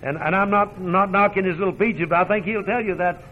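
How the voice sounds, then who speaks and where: A preacher with a high voice mixes homespun jokes and easy laughter into his sermon. He comes through a thin, phone-like radio broadcast that cuts off the lows and highs. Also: brisk, a little hiss or hum. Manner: homespun and joking, laughs often. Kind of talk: folksy sermon with storytelling.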